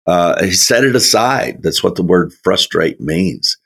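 A man leading a verse-by-verse Bible study, speaking in a slow, folksy way with chuckling asides. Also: deep voice, animated, vocal fry, a bit bright, husky. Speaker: Bible teacher.

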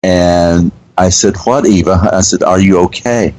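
A man, hosting a radio show and telling a story in an earnest, halting way with restarts. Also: low voice, darkish tone, poor audio. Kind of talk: conversational storytelling.

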